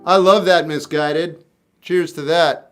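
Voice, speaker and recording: A man's voice: a little high, fairly even intonation, slow, fairly bright tone. A man in his forties from South Florida, casually chatting and answering viewers' questions on a music livestream, wry and laid-back.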